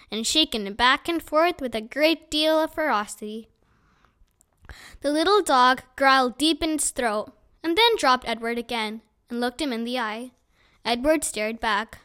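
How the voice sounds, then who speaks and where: A woman reading a children's chapter book aloud in a clear, expressive storytelling manner. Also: high voice.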